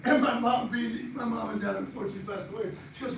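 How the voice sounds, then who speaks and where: An older man with a New Jersey accent gives a live money seminar. He talks fast and animated and quizzes people in the audience. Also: very high voice. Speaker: financial speaker. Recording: echoey far-off room mic with noise.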